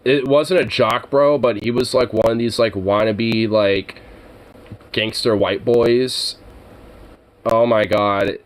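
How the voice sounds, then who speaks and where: Profane, rambling man with a low voice. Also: steady tone, takes it slowly, poor audio. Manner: rambling, profane, laughing asides. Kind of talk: casual livestream chat.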